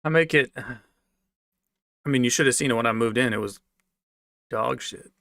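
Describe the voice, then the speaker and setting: Gravelly, sarcastic streamer guy. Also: mid-range voice, moderate pace, pauses often, fairly bright tone, no echo, clean studio sound. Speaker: livestreamer. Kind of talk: casual livestream chat. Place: basement apartment at home.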